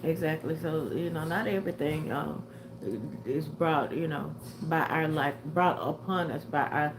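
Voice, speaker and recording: A woman's voice: low-pitched, fairly even intonation, unhurried, slight background noise. An older woman chatting casually with viewers on a livestream, a little tired and short of breath. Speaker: livestream host.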